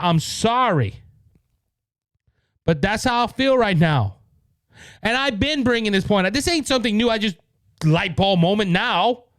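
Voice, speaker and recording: Cajun podcast host, male, high smooth voice, heated rants, dry close mic. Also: a bit bright, no echo. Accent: Cajun Louisiana. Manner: heated, repetitive, rising to exasperation. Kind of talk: political commentary podcast.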